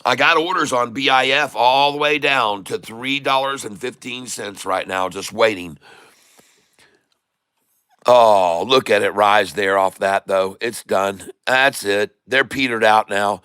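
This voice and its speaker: A middle-aged man hosting a live day-trading stream, giving excited running commentary and calling out to his viewers as "folks.". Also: on the low side, a little slow, few pauses, smooth, dry recording, studio quality.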